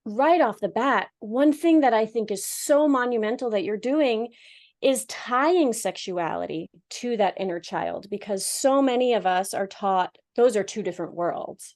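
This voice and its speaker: A woman's voice: medium pitch, animated, normal speed. A woman hosting an interview, effusive and enthusiastic.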